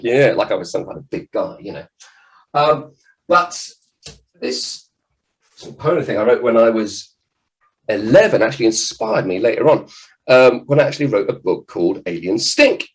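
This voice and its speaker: A man, a children's author, giving a lively, jokey talk to children at an event. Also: lowish voice, normal speed, long pauses, low-quality recording. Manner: animated, jokey, acts out scared voices.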